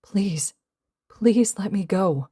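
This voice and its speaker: A woman's voice: mid-range voice, expressive, drawn-out words, mellow, breathy edge, voice pushed up, exaggerated voice. A woman voicing a frightened, tearful seven-year-old boy who pleads in a small voice, read as a fan audiobook. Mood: pleading.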